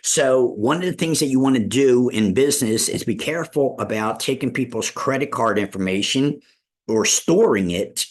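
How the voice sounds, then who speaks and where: A man's voice: medium pitch, moderate pace. A man teaching a live online business class, folksy and repetitive, asking "all right?" often. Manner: folksy, repeats "all right?" and "ladies and gentlemen". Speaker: real estate school instructor. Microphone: video call.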